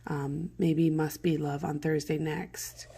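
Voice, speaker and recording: A woman teacher reading a play aloud and explaining it to students in casual, modern paraphrase, with throat clearing from morning allergies. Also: low-pitched, little pitch movement, slow pace, mellow. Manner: conversational, paraphrases lines in plain modern words.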